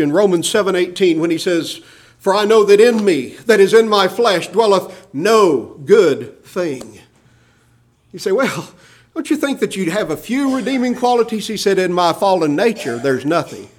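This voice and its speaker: A man delivers a sermon in a high voice. He preaches earnestly, pushing up on his emphatic words, then sinking to quiet, hushed endings. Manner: earnest, swings between emphatic rises and hushed low endings.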